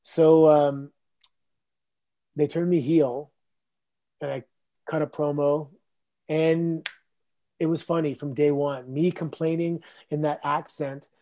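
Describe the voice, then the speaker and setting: A man's voice: a little high, slow, pauses often. A middle-aged man from Canada telling stories as a guest in a casual interview, acting out the quotes. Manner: animated, acts out quotes. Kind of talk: casual storytelling.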